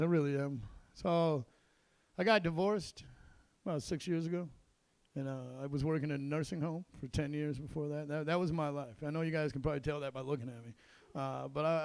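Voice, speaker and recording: Man, stand-up comic, high gravelly voice, dry close sound, gruff self-deprecating stories. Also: darkish tone, no echo. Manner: gruff, self-deprecating storytelling with quick asides. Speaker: stand-up comedian. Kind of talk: stand-up comedy set. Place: comedy club stage.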